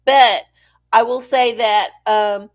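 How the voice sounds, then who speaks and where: A woman's voice: fairly high pitch, steady tone, slow pace. Rambling, profane woman hosting a live stream. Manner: rambling, profane, goes off on tangents. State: sneezy from allergies. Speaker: live-stream oracle show host. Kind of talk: casual live-stream chat.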